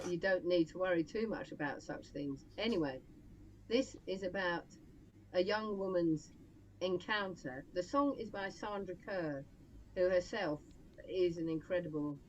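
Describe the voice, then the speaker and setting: A woman's voice: low-pitched, a little mellow, slight background noise. A woman with an English accent, a folk singer leading a workshop, chatting hesitantly as she introduces songs. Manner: chatty, hesitant with many fillers. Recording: muffled lo-fi with instrument music.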